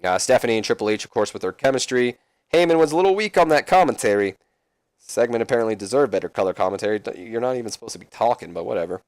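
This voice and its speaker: A man's voice: mid-range voice, lively intonation, fast talker, darkish tone, no room sound. A man casually talking through a wrestling management game, chatty with self-mocking asides. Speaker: let's play host.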